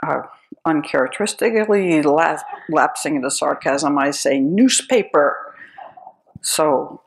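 A woman's voice: low voice, moderate pace, gravelly, rough recording. An older American woman giving a lecture, telling wry, humorous anecdotes in a storytelling manner. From United States. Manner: wry, storytelling, chuckling at her own tales. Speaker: speaker.

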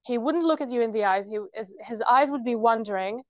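A woman's voice: fairly high pitch, fairly quick, dry recording. Dry-sounding woman leading a workshop. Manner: earnest, explanatory, checks in with listeners. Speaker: workshop presenter. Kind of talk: practical workshop talk.

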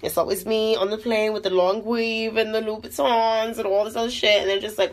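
Brisk, with few pauses and fairly even intonation, she speaks on the high side while ranting angrily into her phone at an airport terminal. The recording artist on tour swears hard and strings filler words together, captured on a noisy phone recording with vehicle sounds.

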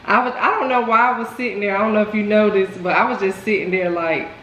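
A woman's voice: mid-range voice, steady tone, quick pace, a bit bright, roomy sound, slight background noise, low-quality recording. A woman in casual chat reacting to her own proposal video, emotional and teary, rambling as she talks.

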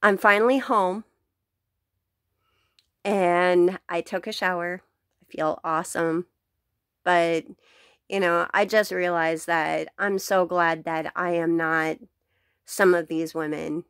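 A woman's voice: lowish voice, steady tone, slow pace, pauses often, fairly bright tone, smooth, no echo, studio quality. A woman venting bluntly to camera about her day, swearing freely and laughing between sentences, recorded at home. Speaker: vlogger. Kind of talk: casual venting rant to camera.

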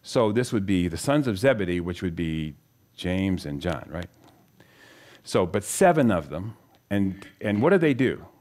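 A man's voice: low-pitched, big pitch swings, a little slow, a little mellow. Earnest man teaching scripture to an audience. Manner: asks the audience questions, storytelling, earnest. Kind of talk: conversational Bible teaching.

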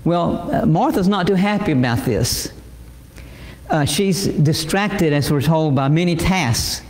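A male pastor delivering a sermon, halting with many repeated words and fillers. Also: fairly high pitch, expressive, a little mellow. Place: church sanctuary. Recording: echoey church hall.

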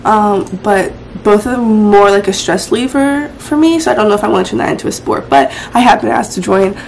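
A teenage girl vlogging in a casual, chatty way, full of "um" and "like", her voice hoarse and rough. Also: medium pitch, lively intonation, brisk, slight background noise. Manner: chatty, many fillers like "um" and "like". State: hoarse, voice partly gone. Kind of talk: casual vlog chat.

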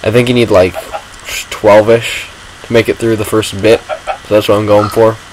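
A man's voice: fairly low pitch, level tone, normal speed, a little hiss or hum, rough recording. A man giving rambling, self-mocking commentary while playing a video game. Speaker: gaming vlogger. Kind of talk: casual gameplay commentary.

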